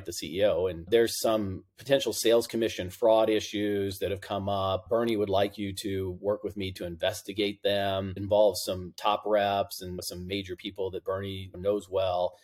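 Lively middle-aged man telling stories. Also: low-pitched. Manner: lively anecdotes, acting out quoted dialogue. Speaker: podcast guest, compliance officer. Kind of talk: casual interview storytelling.

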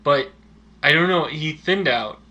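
A man's voice: on the high side, animated, measured pace, bright, forceful tone, muffled recording. A man in casual chat reviewing a movie, dry and teasing, with blunt verdicts.

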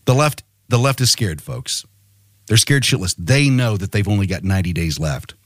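A man's voice: fairly low pitch, animated, moderate pace, no echo, clean studio sound. A man hosting a podcast, delivering a rousing monologue full of rhetorical questions. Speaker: podcast host.

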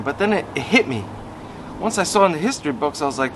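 A rabbi, telling stories in an animated way and acting out quoted voices, talking on a city stoop. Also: male voice, fairly high pitch, fast talker, noisy background. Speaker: rabbi guest on a podcast. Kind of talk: casual storytelling conversation.

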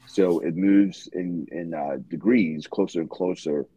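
A man hosting a podcast, recommending a book in a halting way with many pauses. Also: low-pitched, warm tone, slightly rough, dry recording, dull audio. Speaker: podcast host.

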